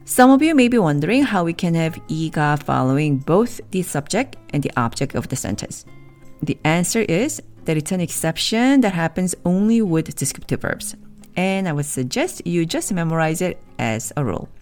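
A woman teaching a language lesson, explaining grammar in measured, clear scripted narration and repeating example sentences slowly. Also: lowish voice, very animated, a little mellow, faint music behind.

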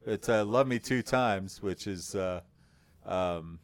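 A man co-hosting a podcast with a baritone voice, telling a long story in a relaxed, rambling way with lots of fillers. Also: takes it slowly. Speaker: podcast co-host. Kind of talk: casual chat.

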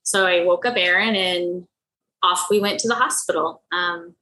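A woman guest telling a personal story in an interview, candid and animated, laughing often and acting out what people said. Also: normal speed, rough recording. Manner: animated, acts out her own past dialogue with lively pitch jumps. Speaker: podcast guest.

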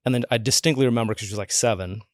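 A man in his forties, guesting on a podcast, tells stories in a casual, chatty interview style, acting out the voices of people he quotes and using "like" constantly as filler. His voice is medium-pitched and very fast. The sound is clean studio audio with no room sound.

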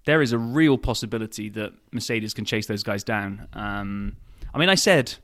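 A man's voice: on the low side, animated, normal speed, fairly bright tone, no echo, clean studio sound. A man hosting a podcast in casual chat, upbeat and full of restarts. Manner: upbeat, many fillers and restarts. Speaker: podcast host.

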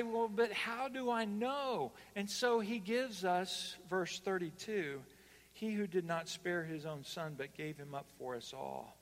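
Male pastor, slow deliberate delivery, sermon voice carrying through a long-reverb church hall, loud emphatic calls dropping to hushed lines. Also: high voice.

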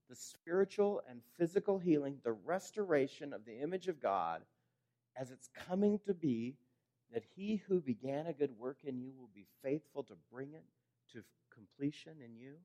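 A pastor preaching a sermon. He talks to the congregation conversationally, asks them questions, and moves between emphatic lines and quiet, low endings.

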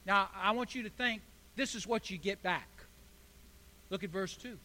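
Preacher in an echoing hall. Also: male voice, sits high, normal speed, pushed and bright. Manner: preaching with rising emphatic bursts. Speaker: pastor. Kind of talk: sermon. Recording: echoey hall.

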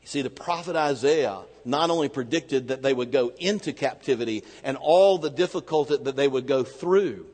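A man preaching a sermon, telling a personal story in a conversational way and slowing down hard for emphasis. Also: mid-range voice, darkish tone, long reverb tail. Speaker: pastor.

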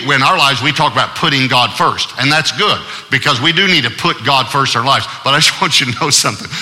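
A man preaching a sermon as pastor, emphatic and conversational, with humor and deliberate pauses. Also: mid-range voice, pushed and bright, big-room sound.

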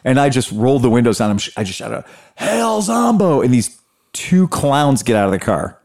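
A man telling stories in a casual chat, animated, acting out quotes. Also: mid-range voice, fairly quick. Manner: animated storyteller, acts out quotes, laughs often.

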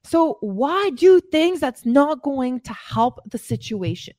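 Woman fitness coach, motivational podcast, high animated voice, dry close mic. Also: slow pace, no room sound. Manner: emphatic, repeats phrases for stress.

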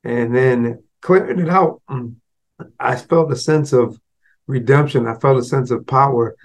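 A man's voice: medium pitch, measured pace. A man hosting a podcast, telling a personal story in a motivational way. He speaks casually, with frequent asides like "right?" and "you know.". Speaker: podcast host.

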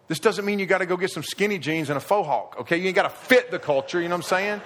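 A man's voice: sits high, quick pace, hardly any pauses. Emphatic preaching man. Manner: animated, rising to emphatic near shouting at the end; acts out quoted voices, jokes with the audience. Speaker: pastor. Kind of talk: sermon on parenting.

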